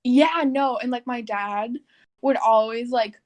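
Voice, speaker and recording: A woman's voice: on the high side, slow pace. A young woman from Texas co-hosting a podcast, talking in a rambling, casual way full of fillers. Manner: rambling, filler-heavy, laughing. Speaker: podcast co-host. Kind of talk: casual chat.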